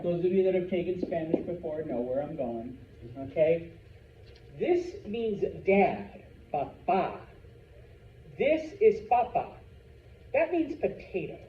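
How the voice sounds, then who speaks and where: A middle-aged man teaching a Spanish class, chatty and joking, checking in with "okay?" after most points. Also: high voice. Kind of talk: classroom lecture. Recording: tinny, echoey classroom recording with faint hiss.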